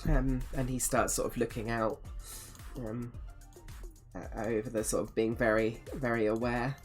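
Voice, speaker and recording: A woman's voice: very deep voice, little pitch movement, a little slow, soft background music. Woman game master, casual narration. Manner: casual, hesitant with many fillers.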